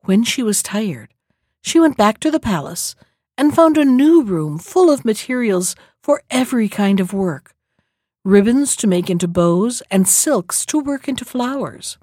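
A woman reading a fairy tale aloud in a calm, measured storybook manner. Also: fairly high pitch, dry recording, clean studio sound.

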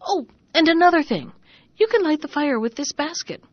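A woman's voice: high voice, big pitch swings, normal speed, no room sound, pitched above the performer's own voice. A woman voicing a grumbling, scheming middle-aged man in a raised, blustering, demanding storybook voice, in a dull lo-fi recording.

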